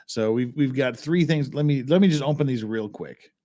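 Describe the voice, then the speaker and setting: A man's voice: medium pitch, moderate pace, mellow. A man hosting a livestream, chatting casually and thinking aloud as he goes through documents. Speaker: livestream host.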